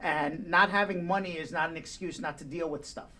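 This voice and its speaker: Lawyer guy on a radio show, high voice, blunt, kinda off mic. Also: steady tone, brisk, bright, forceful tone. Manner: blunt, emphatic. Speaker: immigration lawyer, co-host. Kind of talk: live radio advice show. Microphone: studio mic, often spoken away from.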